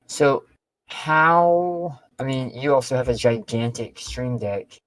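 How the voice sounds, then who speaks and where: A man of ordinary middle pitch asks follow-up questions, tentative and eager to keep up. His voice is dry and close, with no room around it. He often repeats back what he was told. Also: slow, fairly bright tone, no room sound, low-quality recording. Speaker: guest asking for help. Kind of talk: casual question-and-answer chat.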